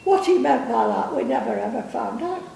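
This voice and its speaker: A woman's voice: a little high, huge pitch swings, normal speed, creaky, warm tone, slight background noise. An older woman telling rambling family stories, repeating words and laughing as she goes. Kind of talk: casual storytelling. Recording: echoey room, distant mic.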